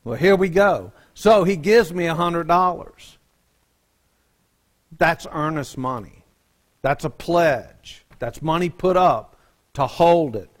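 Brief: a joking pastor telling a folksy story in his sermon, with a slightly high voice. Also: lively intonation, takes it slowly, long pauses.

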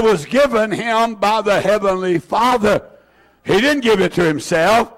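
A male preacher with a high voice delivers a sermon at an unhurried pace. He repeats key phrases for weight, and his emphasis builds until he shouts at the peaks.

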